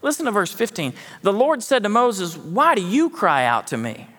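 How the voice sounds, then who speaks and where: Folksy high-voiced pastor preaching. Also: male voice, very animated, moderate pace, fairly bright tone, big-room sound. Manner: folksy, conversational, self-deprecating asides. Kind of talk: sermon. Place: church sanctuary.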